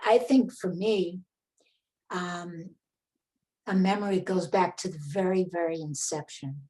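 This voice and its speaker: Low-pitched woman, slow measured delivery, reflective storyteller. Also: fairly even intonation, warm tone, low-quality recording. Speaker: original cast member.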